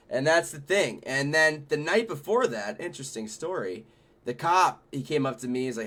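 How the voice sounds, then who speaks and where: A man's voice: medium pitch, lively intonation, normal speed, a bit bright. A man hosting a casual chat about a festival he organized, talking in a loose, profane, laid-back way. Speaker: festival organizer and show host.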